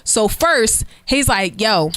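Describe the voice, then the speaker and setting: A young woman hosting a podcast, telling a story in a casual, animated way and acting out other people's lines. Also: a little high, quick pace, dry recording. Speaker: podcast host. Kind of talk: casual chat.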